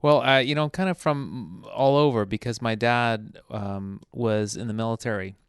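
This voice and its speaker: A man's voice: medium pitch, normal speed, smooth, no room sound, studio quality. A man with a General American accent, a television writer and guest, telling his story in a thoughtful, reflective way. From United States. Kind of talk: casual interview.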